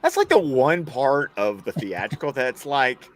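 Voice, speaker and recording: A man's voice: mid-range voice, unhurried. A man joining a live stream as a guest, chatting casually and rambling with frequent laughs. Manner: animated, rambling, laughs often. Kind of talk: casual chat among friends.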